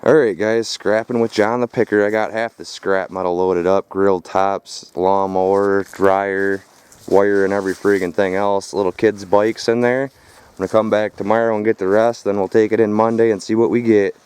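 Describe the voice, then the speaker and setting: A man from Michigan filming his own scrap-hauling vlog outdoors in the country, talking in a rough, casual way and swearing easily. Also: fairly low pitch, little pitch movement, normal speed, a little mellow. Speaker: vlogger scrapping metal.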